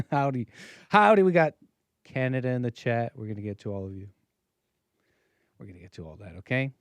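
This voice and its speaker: Speaking fairly quickly at a medium pitch, a U.S. livestream host runs his own call-in show, chatting with viewers and jumping from subject to subject. The recording is muffled, with no room sound.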